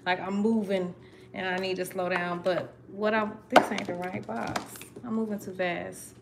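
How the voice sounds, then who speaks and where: A woman's voice: medium pitch, level tone, moderate pace, creaky. Chatty woman reading tarot, noisy background. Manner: chatty, self-interrupting, laughing at herself. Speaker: tarot reader. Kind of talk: casual live tarot reading.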